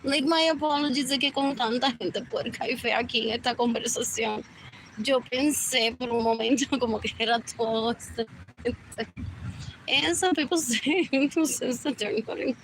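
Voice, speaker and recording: A woman's voice: on the high side, normal speed, rough recording. A woman livestreaming a meandering monologue, repeating herself and switching between English and Spanish, apparently while waiting for a bus. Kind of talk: rambling live-stream monologue. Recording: loud street noise with passing vehicles.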